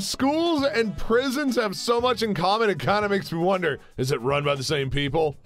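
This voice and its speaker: Young man, high voice, very lively swings in pitch, jokey meme commentary, faint music behind. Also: normal speed. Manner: jokey, animated, slips into silly voices.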